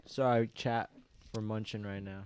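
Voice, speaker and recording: A man's voice: lowish voice, steady tone, moderate pace, darkish tone, slight background noise. A man co-hosting a casual film podcast livestream, joking and bantering. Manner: joking, laid-back banter. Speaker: podcast co-host. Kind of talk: casual chat.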